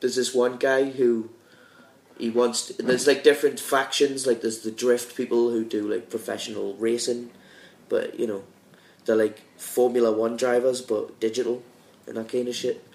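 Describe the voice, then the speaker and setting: A man's voice: mid-range voice, flat delivery, normal speed, darkish tone. English male host, casual rambling gamer chat, echoey room sound. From England. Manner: swears freely, rambling. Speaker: podcast host. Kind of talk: casual chat while gaming.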